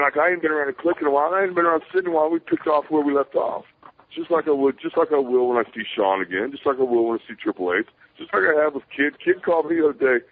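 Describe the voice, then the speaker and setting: A man telling rambling stories as an interview guest, swearing casually and acting out voices he quotes. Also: mid-range voice. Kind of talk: rambling storytelling. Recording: tinny phone line.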